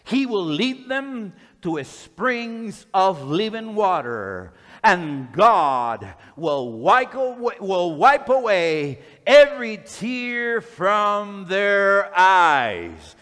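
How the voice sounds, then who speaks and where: A high-pitched male preacher with a bright, forceful tone delivers a fervent sermon and reads scripture. He speaks slowly and with emphasis. His voice rings out with a long hall reverb. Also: very animated.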